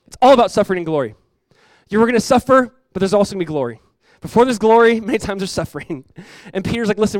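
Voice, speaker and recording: A young pastor preaches in a relaxed, chatty way, peppering his sermon with "like" and voicing Jesus and the disciples in short quotes. His voice is somewhat high and quick, and the sound is dry and close with no room echo.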